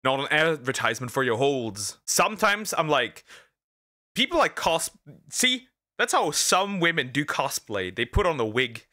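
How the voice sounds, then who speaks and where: A man casually reacting to a video, animated and crude, laughing often and tripping over repeated words. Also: fairly high pitch, unhurried.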